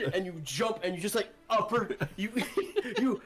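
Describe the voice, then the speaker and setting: A man's voice: high voice, expressive, measured pace. A young man running a tabletop game as game master, rambling and swearing as he narrates.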